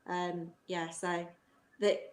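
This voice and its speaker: A woman's voice: on the low side, monotone, very slow, faint music behind. A middle-aged woman, a former teacher, chatting at length on a video call and laughing often as she goes. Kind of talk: casual chat on a live stream. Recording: roomy echo.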